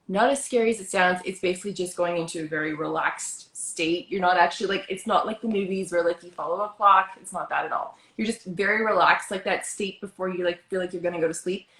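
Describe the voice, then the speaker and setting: A woman hosts a casual chat in a chatty, upbeat way, filling her sentences with "like." Her voice is lowish and a bit bright, and the recording has a roomy echo.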